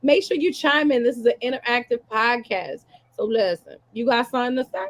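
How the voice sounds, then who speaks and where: A woman hosting and comedian, running a lively podcast chat over a video call with hyped, repetitive call-outs to the audience. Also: on the high side, a little fast. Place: Baltimore.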